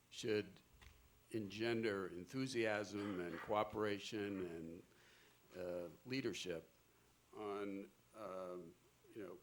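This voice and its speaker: Man in the crowd asking a question, lowish voice, stumbling a bit. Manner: hesitant, with restarts. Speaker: audience member asking a question.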